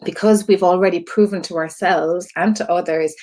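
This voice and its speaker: An Irish woman talks straight to her viewers in a loose, heartfelt way, wandering through her story. Her voice sits a little low for a woman. She keeps restarting sentences and leaning on fillers as she goes. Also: steady tone, moderate pace, a little mellow. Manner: candid and rambling, with frequent fillers and restarts. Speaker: host of an online community show.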